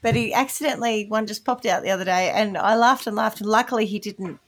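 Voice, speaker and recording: A woman's voice: medium pitch, quick pace. A woman co-hosting a casual chat, telling blunt, funny stories with lots of laughter. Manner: laughing storyteller, blunt humor. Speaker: podcast co-host.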